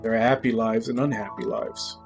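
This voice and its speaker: A man streaming a game, reading its story text aloud in a measured, earnest way. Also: mid-range voice, fairly even intonation, loud music behind the voice.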